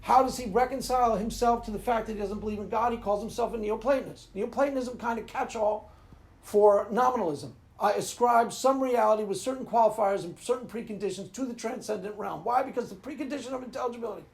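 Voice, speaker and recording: A man's voice: high-pitched, fast talker, creaky. Man rambling through a casual rant. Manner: rambling, laughs at his own jokes. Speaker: video host. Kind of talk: casual ranting monologue.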